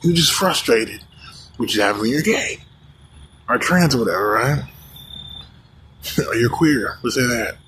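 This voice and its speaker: A man's voice: mid-range voice, animated, moderate pace, long pauses, a bit bright, slight background noise, rough recording. A man from the United States in a casual, profane rant to the camera, rambling with many restarts.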